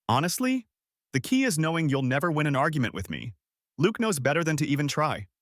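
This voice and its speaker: A man voicing a smug, combative young woman who brags and mocks in a sharp tone. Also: medium pitch, huge pitch swings, normal speed, dry recording, studio quality. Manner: mocking, boastful, sharp.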